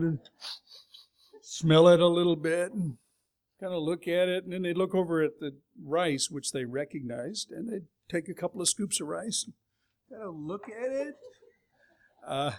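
Middle-aged guy from california giving a sermon, chatty storyteller, kinda high voice. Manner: storytelling, folksy and conversational. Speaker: preacher.

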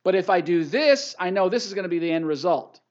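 A man's voice: high-pitched, expressive, fast, muffled recording. A man preaching a sermon, repeating scripture references with emphatic delivery. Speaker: pastor.

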